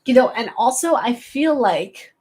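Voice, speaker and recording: A woman's voice: a little high, lively intonation, measured pace, a little mellow. A woman chatting casually with her live-stream viewers, sarcastic and rambling, often breaking into giggles.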